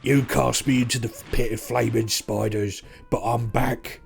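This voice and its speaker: A man's voice: medium pitch, steady tone, measured pace, creaky, faint music behind. A man voicing a brutish male orc warlord who taunts his enemy with a twang. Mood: menacing. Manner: snarling, taunting.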